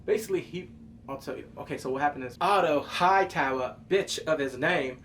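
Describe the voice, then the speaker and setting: A man reviewing a TV episode in excited casual commentary, cursing freely, breaking into loud exclamations and quick character impressions. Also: on the high side, a little hiss or hum. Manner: animated, profane, jumps into loud exclamations; mimics characters in quick asides.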